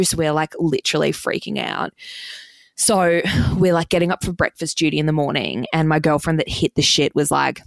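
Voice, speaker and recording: A young woman tells stories on her podcast in a low, gravelly voice that keeps dropping into vocal fry. She rambles casually, swears freely, and fills every pause with "like," and the dry, close recording has no room sound.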